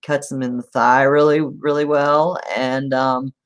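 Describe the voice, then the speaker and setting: A woman co-hosting a casual book chat, retelling scenes with many pauses, fillers and laughs. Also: extremely low pitch, flat delivery, clean tone. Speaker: podcast co-host.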